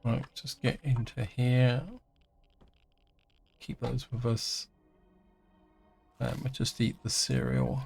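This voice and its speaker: Gravelly man musing through a game. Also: mid-range voice, sing-song, slow pace, long pauses, darkish tone, soft background music. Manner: chatty, hesitant, thinks aloud with many ums. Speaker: gaming channel host. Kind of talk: casual let's-play commentary.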